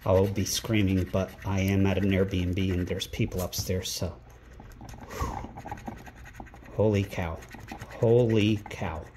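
A man narrates his scratch-ticket vlog from indoors at a rental home, calling out each number at an unhurried, drawn-out pace. His voice is mellow and soft-edged, and he breaks into excited exclamations. A faint hiss of noise sits behind him. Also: low voice. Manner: calls out numbers one by one, bursts into excited exclamations. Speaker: scratch-ticket channel host.

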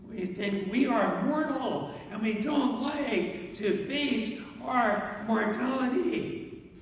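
A male pastor preaching an animated sermon, reading scripture slowly and solemnly in old-fashioned wording. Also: extremely high pitch. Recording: echoey hall from far off, faint noise.

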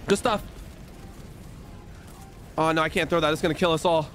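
A young man streaming a game with friends, excitedly yelling repeated callouts. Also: on the high side, moderate pace, soft background music. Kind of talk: excited live game commentary.

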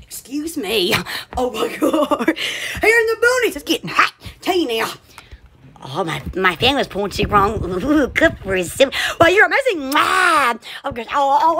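A woman's voice: high voice, sing-song, normal speed, pushed and bright, a little hiss or hum. A woman from Alabama, chatting casually with viewers on a phone live stream, bubbly and full of exclamations and laughs. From Alabama, USA. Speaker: Instagram live streamer, store owner. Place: hot room at home.

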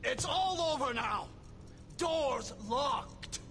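A snarling brutal police chief. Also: male voice, very high voice, lively intonation, drawn-out words, creaky, slight background noise, exaggerated voice. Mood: raging. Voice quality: snarling, threatening. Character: brutal, menacing middle-aged male police chief. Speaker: villain in a video game. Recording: game audio over loud music.

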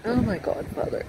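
A woman giving a personal vlog update, talking in an emotional, halting and rambling way. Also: mid-range voice, noisy background. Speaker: vlogger. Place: outdoors with passing aircraft.

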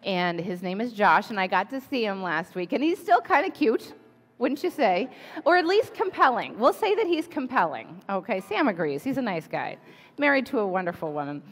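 A woman's voice: mid-range voice, moderate pace. Woman pastor, forties, conversational sermon, personal storytelling, church hall reverb. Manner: personal, animated storytelling with asides and laughter. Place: church sanctuary.

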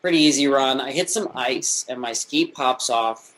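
A man in his thirties chatting as a podcast guest, with a medium-pitched voice. He tells stories at an easy pace and lets his voice drop off at the ends of thoughts. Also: normal speed, fairly bright tone, a little hiss or hum, low-quality recording. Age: 30s. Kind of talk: casual podcast chat.

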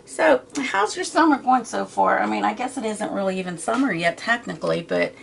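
A middle-aged woman talks through a painting lesson in her home studio, chatting in a homey, rambling way as she works. Her voice carries a gravelly edge at an everyday pitch, with a faint background hiss. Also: lively intonation, brisk. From Pittsburgh area. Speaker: art teacher. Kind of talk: casual painting tutorial.

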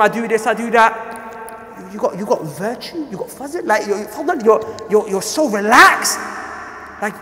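A man preaching a sermon with impassioned delivery, often rising to near shouting. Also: very high voice, slight background noise. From South Asia. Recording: echoey hall.

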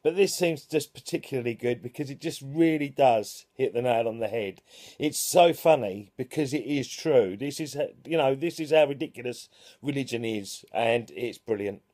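A man's voice: mid-range voice, normal speed, a little mellow. A man hosting his channel and casually introducing a comedy clip, with a few hesitations.

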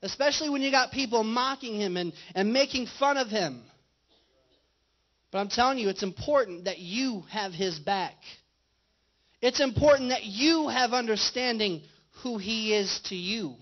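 Pastor preaching over dull livestream audio. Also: male voice, high voice, normal speed. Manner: conversational, asks the congregation questions. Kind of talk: sermon. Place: church.

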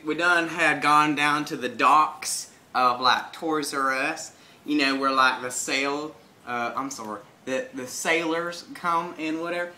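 A man's voice: on the high side, fairly even intonation, measured pace, bright, forceful tone, echoey room. A man rambling through an improvised comedy bit in a goofy, mock-serious way, full of hesitant fillers. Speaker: comedy video host.

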